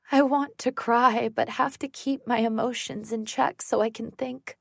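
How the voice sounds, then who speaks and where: Woman audiobook narrator, tense first-person thriller read, slow pace, dry sound. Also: a little high, fairly even intonation, creaky, dry recording.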